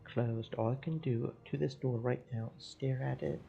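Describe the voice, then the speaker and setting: A man's voice: mid-range voice, steady tone, moderate pace, creaky, warm tone, dull audio, faint music behind. A man streaming a game, giving dry asides as he plays. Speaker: let's play streamer. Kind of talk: reading and commentating a game.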